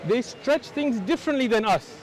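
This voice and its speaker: A man's voice: normal speed, low-quality recording. An American man in a heated street debate, insistent and interrupting, explaining points at length. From United States. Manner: insistent, interrupting, explaining with rising animated pitch. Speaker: Muslim street preacher.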